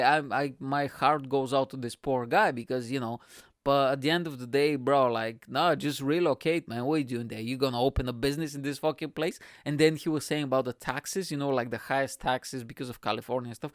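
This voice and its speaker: A man's voice: medium pitch, no room sound, studio quality. A young man hosting a comedy podcast, telling rambling profane stories and acting out the people in them. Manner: profane, rambling, animated storytelling with quoted voices. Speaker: podcast host. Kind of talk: casual comedy podcast monologue.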